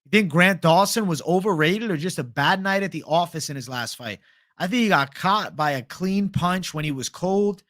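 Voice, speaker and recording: Young male stream host, slightly high pitch, dry close mic, loose profane chat. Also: animated, moderate pace, fairly bright tone, no echo. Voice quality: casual, profane, reads chat aloud. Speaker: MMA livestream host. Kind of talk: casual livestream fight picks chat.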